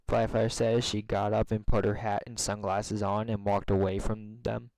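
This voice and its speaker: A man reading a fan story aloud in plain, steady narration. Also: lowish voice, moderate pace, vocal fry, no echo, rough recording. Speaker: story reader.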